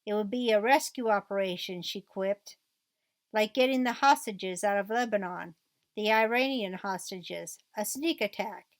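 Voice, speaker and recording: A woman's voice: medium pitch, a little slow, dry recording. Dry-voiced woman narrating true crime. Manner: steady read-aloud narration of court and book quotes. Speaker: essay video narrator.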